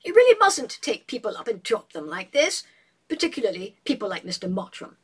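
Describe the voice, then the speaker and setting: A woman's voice: a little high, big pitch swings, fairly quick, breathy edge. A woman voicing a stern, disapproving aristocratic mother who speaks in a prim, reproving way.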